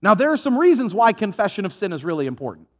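Lively high-voiced male preacher. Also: fast, lo-fi sound. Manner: animated, acts out dialogues with comic voices. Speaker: pastor. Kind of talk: sermon.

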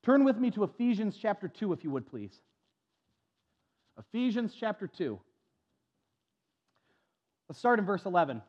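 A man preaching a sermon to a congregation in a church, lively and animated, sometimes mocking the voices of critics. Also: high-pitched, moderate pace, long pauses, dull audio. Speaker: pastor.

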